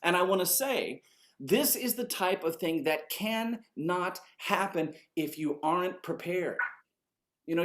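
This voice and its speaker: Animated man telling a story. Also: sits high. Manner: animated, swearing casually. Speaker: orchestra conductor. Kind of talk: conversational storytelling.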